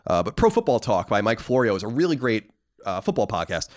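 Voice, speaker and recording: A man co-hosting a casual podcast, talking emphatically and rambling with quick restarts. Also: lowish voice, big pitch swings. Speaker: podcast co-host.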